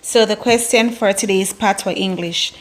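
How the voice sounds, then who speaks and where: Give me a playful Jamaican woman teaching Patois in a relaxed vlog, with an ordinary mid-range voice. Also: mid-range voice, normal speed, soft background music. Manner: playful, laughs often while teaching.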